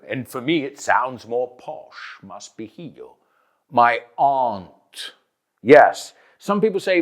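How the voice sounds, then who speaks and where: A man with a Northeastern US accent hosting a playful, energetic English lesson, switching between English and Spanish, with an announcer-style delivery. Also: medium pitch. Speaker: English teacher and host.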